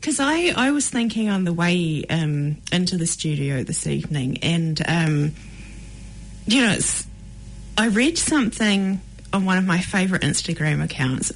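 A New woman co-hosts a podcast in a studio with a low voice. She thinks aloud reflectively and pauses often on fillers. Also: lively intonation, rough recording. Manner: reflective and hesitant, with many fillers. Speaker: podcast co-host. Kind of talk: casual podcast chat.

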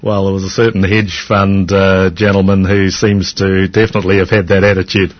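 A man hosting a radio talk show, asking questions in a halting way with many fillers. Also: sits low, little pitch movement. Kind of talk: casual radio interview. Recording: dull, dry radio audio.

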